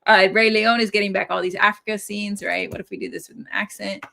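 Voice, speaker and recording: Upbeat woman in her thirties, live coding teacher, crisp clear voice, keeps checking in with "right?". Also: medium pitch, fairly even intonation, fast talker, pushed and bright. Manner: chatty, upbeat, often tags "right?". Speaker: developer advocate teaching a live stream.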